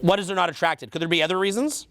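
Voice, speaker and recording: A man with a Canadian accent, working as a dating coach, teaches a seminar where he quizzes the audience and repeats their answers back. His voice is high, a bit bright, and racing.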